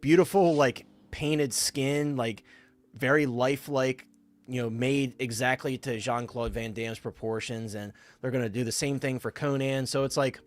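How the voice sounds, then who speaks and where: A man talking on a live stream in a loose, enthusiastic way. His voice sits at an ordinary middle pitch for a man. He rambles, circles back with "like" and "you know", and answers viewers by name as he goes. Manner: enthusiastic, rambling, many fillers and restarts; reads out and answers viewer comments. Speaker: livestream co-host. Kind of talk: casual live-stream chat.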